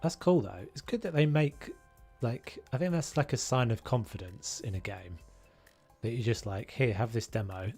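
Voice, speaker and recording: A man's voice: mid-range voice, moderate pace, creaky, a little mellow, soft background music. A man casually chatting and musing aloud while live-streaming a game, now and then humming tunes.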